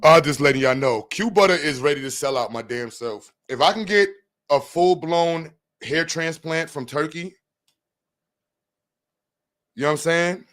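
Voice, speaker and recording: A man's voice: fairly high pitch, a little slow, pauses often, a bit bright, no room sound, studio quality. A man livestreaming, chatting loosely and profanely with his viewers and joking around. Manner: talks to his chat. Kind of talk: casual livestream chat.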